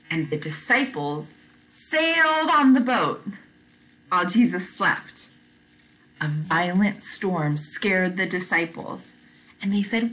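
A young woman teaching a gentle Bible lesson to toddlers, asking questions, repeating them and praising often. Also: fairly low pitch, low-quality recording. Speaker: children's teacher.

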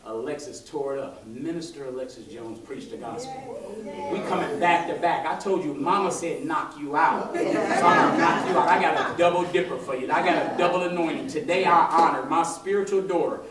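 An older male pastor hypes up his congregation with breathless excitement, his fairly high voice ringing a little off mic. The sanctuary around him is roomy, and a crowd murmurs behind. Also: a little fast, recorded from a distance. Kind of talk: excited church announcements. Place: church sanctuary.

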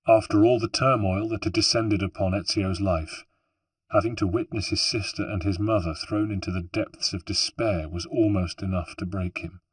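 Deep husky male audiobook narrator. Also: normal speed, dry recording. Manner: steady, even storytelling. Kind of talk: scripted narration.

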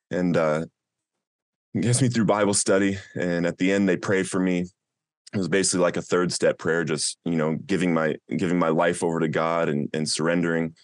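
A man's voice: deep voice, steady tone, a little fast, no room sound, studio quality. A man, a podcast guest, telling his own recovery story in an earnest, heartfelt way.

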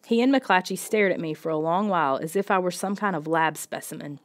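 A woman reading a children's storybook in the first person, steady and expressive. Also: fairly low pitch, a little fast. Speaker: audiobook reader.

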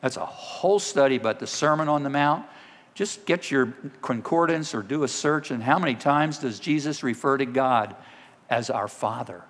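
A man preaching a sermon as the church's pastor, now and then breaking into loud dramatic cries when he acts out a scripture scene. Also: medium pitch, normal speed. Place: church sanctuary. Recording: long reverb of a church hall.

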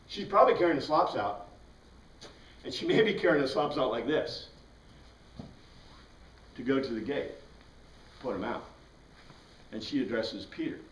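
A man's voice: medium pitch, a little hiss or hum. A man teaching an informal Bible study class, rambling through the passage with asides and restarts. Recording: roomy sound, mic at a distance.

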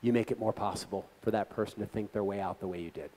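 A man's voice: on the low side, fairly even intonation, quick pace, dark tone. A man giving an earnest, conversational talk to a community gathering, speaking directly to the audience as a guest speaker. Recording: long reverb of a hall.

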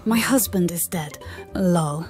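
A man voicing a shrewd, haughty French widow in a high put-on voice. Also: takes it slowly, soft background music. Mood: deadpan.

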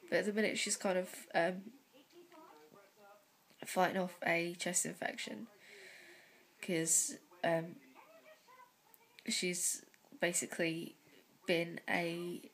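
Slow, tearful young woman vlogging. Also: on the low side, flat delivery, fairly bright tone. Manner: tearful, halting, many fillers and sighs; slow, hesitant delivery. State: close to tears. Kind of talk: personal vlog, talking to camera.

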